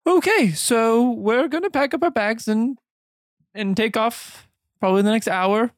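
A man running a tabletop role-playing game, narrating calmly with frequent ums. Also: extremely high pitch, dry recording, clean studio sound. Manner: slow, relaxed, hesitant with ums. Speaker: game master.

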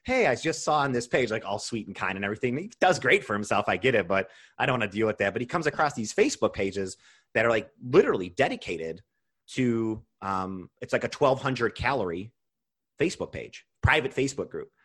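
Podcast host guy, lowish voice, fired up and cursing a lot, casual chat. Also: brisk, husky. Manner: animated, swears freely, rants. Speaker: podcast host and nutrition coach.

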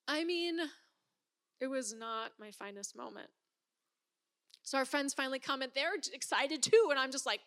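Woman, 30s, personal storyteller: high pitch, animated, plays out her own inner voice. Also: moderate pace, long pauses. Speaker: speaker telling a personal story.

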